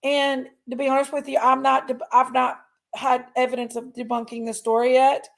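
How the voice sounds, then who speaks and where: Woman, livestream host, gravelly fry, folksy rambling delivery. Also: high-pitched, flat delivery, normal speed, a bit bright. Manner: rambling, folksy, talks to chat. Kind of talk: casual livestream chat.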